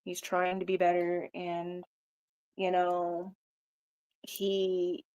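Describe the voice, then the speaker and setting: A woman's voice: lowish voice, monotone, very slow, darkish tone, clear, resonant tone. A woman hosting a casual livestream, rambling loosely with lots of swearing, laughter and "you know" fillers. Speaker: livestream host. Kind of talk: casual live-stream chat.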